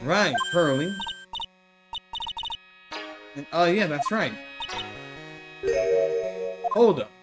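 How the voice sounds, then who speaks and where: A streamer playing a game who reads every character's dialogue aloud in one voice and breaks off for quick asides to viewers. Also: medium pitch, expressive. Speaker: let's play streamer. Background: game music.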